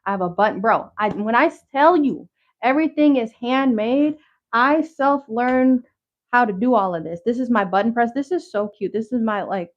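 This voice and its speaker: A woman's voice: a little high, moderate pace. A woman chatting on a casual livestream. She rambles in loose slang, full of fillers and restarts, and talks straight to her viewers. She sounds a little out of breath, and the stream audio is slightly dull and lo-fi. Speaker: livestream host showing handmade crafts.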